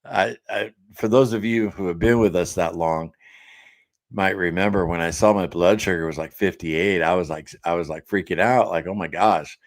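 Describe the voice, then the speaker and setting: A man with a very deep, low-pitched voice hosts a casual live stream from his home office. He reads viewer comments aloud and chats back in an easygoing way, full of fillers and quick laughs. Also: fairly even intonation. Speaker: host of a diet support live stream.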